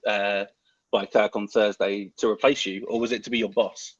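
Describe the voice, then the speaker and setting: A man co-hosting a podcast, curiously firing off quick questions. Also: on the low side, muffled recording. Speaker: podcast co-host. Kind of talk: casual podcast chat.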